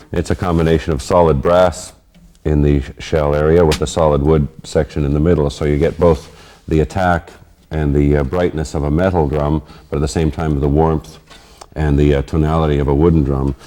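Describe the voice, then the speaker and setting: A middle-aged man in a recording studio, explaining drum fills in a measured, thoughtful way. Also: very deep voice, warm tone. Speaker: drummer giving a lesson. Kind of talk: instructional explanation.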